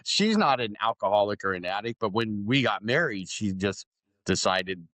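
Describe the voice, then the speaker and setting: A middle-aged man hosting an interview podcast tells stories animatedly, acting out the voices of people he quotes and frequently tacking on "right?" in conversation. His voice is on the low side, his pace moderate, and the sound has no echo.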